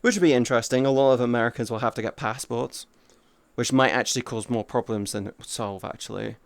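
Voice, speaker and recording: A man chatting casually on a livestream, teasing viewers playfully and cooing soft praise at them. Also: medium pitch, fast, vocal fry, dry recording. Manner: playful, teasing chat banter. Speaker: streamer.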